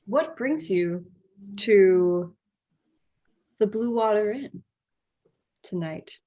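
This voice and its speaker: A smug, well-spoken carnival showman, played by a woman game master in tabletop role-play. The delivery is unhurried and courtly. The audio is a little dull and lo-fi. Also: medium pitch, expressive, mellow. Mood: smug, genteel. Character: suave boastful male carnival master.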